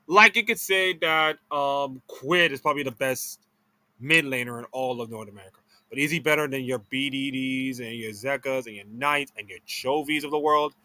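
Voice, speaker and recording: A man giving casual commentary as he ranks players, rambling with many restarts and self-corrections, and talking slowly and sluggishly after a meal. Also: mid-range voice, sharp tone. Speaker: esports video creator.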